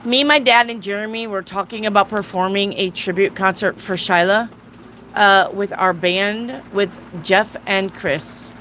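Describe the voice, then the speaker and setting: A woman's voice: medium pitch, steady tone, measured pace, pushed and bright, slight background noise, low-quality recording. A woman hosting a live tarot reading and answering viewers' questions in a blunt, casual way, with some swearing. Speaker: tarot reader.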